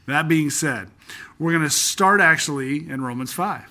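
A young man with a bright, forceful voice set a little high, hosting a casual Bible-study podcast. He talks earnestly and conversationally, then slows down to read scripture aloud. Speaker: podcast host teaching through a Bible book.

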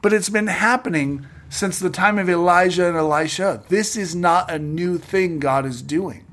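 A man's voice: high voice, moderate pace. A man giving a casual, enthusiastic bible teaching, retelling stories with jokes and asides. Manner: animated, enthusiastic, jokey asides.

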